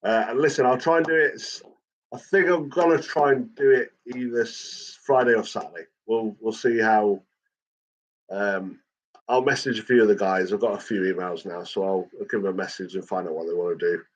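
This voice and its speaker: A man chats casually with his viewers in a low voice, rambling and swearing freely as he goes. The recording is dull and lo-fi. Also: fairly even intonation, moderate pace. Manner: rambling and sweary, with frequent fillers. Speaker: livestreamer chatting with viewers. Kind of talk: casual chat.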